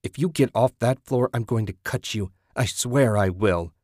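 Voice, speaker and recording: A man voicing a frightened young wife who shouts defiantly at her captor in an audiobook. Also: medium pitch, moderate pace, no room sound, clean studio sound, close to an everyday voice. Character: terrified young wife fighting back.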